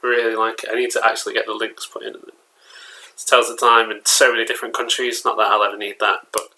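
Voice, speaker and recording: On the low side and level in tone, his voice is brisk, bright and forceful. The English-accented man, a collectibles vlogger, rambles casually at home with many fillers and restarts, and the recording is low quality.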